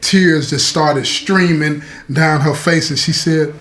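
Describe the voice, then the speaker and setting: Slow, conversational male storyteller. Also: fairly high pitch, steady tone, fairly bright tone. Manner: conversational, addresses listeners directly. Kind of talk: casual spoken storytelling. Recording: roomy echo.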